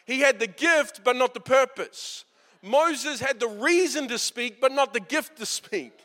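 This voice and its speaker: Preaching at a measured pace, a New man serving as pastor speaks in a bright, high voice with an earnest, conversational manner, dramatizing quoted lines. Each phrase is followed by a long trailing hall reverb.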